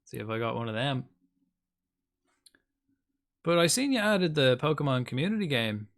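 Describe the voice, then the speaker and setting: Man, live streamer, casual rambling chat, mid pitch. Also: sing-song, normal speed. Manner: rambling, chatty, talks to chat by name.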